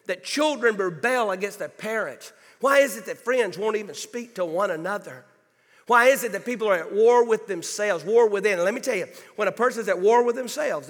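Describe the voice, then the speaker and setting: A man preaches to his congregation in a high, ringing voice, pressing each point home and calling for responses. His voice carries a long reverb from a church sanctuary. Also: sharp tone. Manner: emphatic, calls for congregation responses. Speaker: pastor. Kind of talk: sermon.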